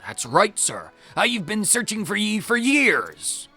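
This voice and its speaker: A man voicing an excitable, loyal young male pirate sailor in a video game playthrough, with a put-on pirate accent. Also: high voice, normal speed, faint music behind, pitched above the performer's own voice. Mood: eager.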